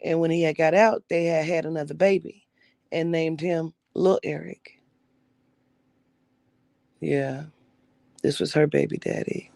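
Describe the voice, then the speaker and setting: A woman's voice: low-pitched, steady tone, measured pace, vocal fry, pauses often, mellow, dry recording. A young adult woman candidly telling her own life story in blunt, profane everyday speech, acting out the voices of the people she quotes.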